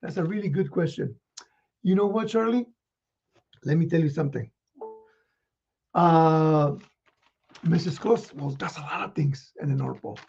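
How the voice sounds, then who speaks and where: Santa guy reading kids letters, high gravelly voice, chuckles a lot. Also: a little mellow, highs cut off. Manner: chuckling, folksy, halting with fillers. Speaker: Santa Claus performer.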